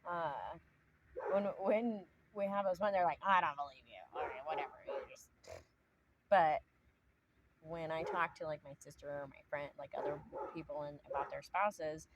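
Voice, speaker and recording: A woman's voice: low-pitched, moderate pace, muffled recording, crowd noise. A woman hosting an astrology talk outdoors, speaking casually and earnestly, rambling with many fillers. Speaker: astrology channel host. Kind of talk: casual spiritual talk to camera.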